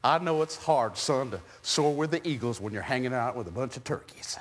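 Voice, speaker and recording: Give me a tender, slow-speaking Jesus, put on by a male preacher. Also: medium pitch, animated, voice pushed down, natural voice. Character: Jesus, gentle encouraging male teacher.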